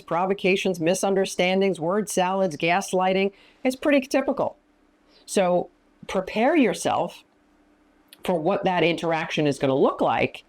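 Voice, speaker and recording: A woman's voice: lowish voice, darkish tone. A woman counselor and minister teaching in an interview, speaking emphatically and giving practical advice. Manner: emphatic, often acting out quoted lines.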